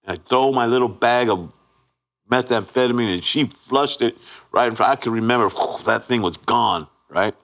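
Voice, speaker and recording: A man's voice: mid-range voice, moderate pace, fairly bright tone. A man sharing his personal testimony as a guest, telling it candidly and plainly, often checking in with "right?" and acting out the voices of people in the story. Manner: earnest storyteller who acts out the quoted voices; plain-spoken with frequent restarts and 'right?'.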